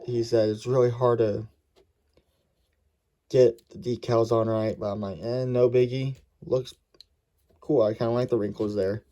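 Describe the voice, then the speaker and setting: A man's voice: mid-range voice, warm tone, lo-fi sound. A man casually reviewing a model race car, thinking aloud and correcting himself as he goes.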